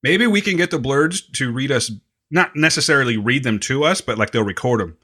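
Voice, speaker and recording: A man co-hosts a casual podcast in an easygoing way. His voice is bright and forward. He goes along with his partner's riffs, with lots of rise and fall as he talks. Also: mid-range voice, expressive, a little fast. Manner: easygoing, agreeable banter. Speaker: podcast co-host. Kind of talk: casual chat.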